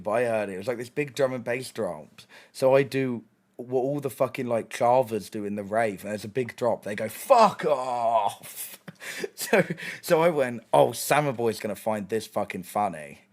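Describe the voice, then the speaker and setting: A man's voice: mid-range voice, a little fast. A young man streaming, casually telling a story with lots of swearing, laughter and restarts. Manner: animated, sweary, laughing often, many restarts.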